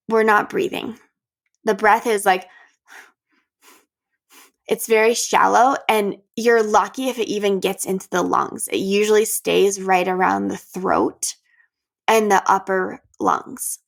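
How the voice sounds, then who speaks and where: Woman, podcast host, calm and gentle, guiding breathing, slightly gravelly voice. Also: mid-range voice, slow pace, pauses often. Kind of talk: reflective solo podcast talk.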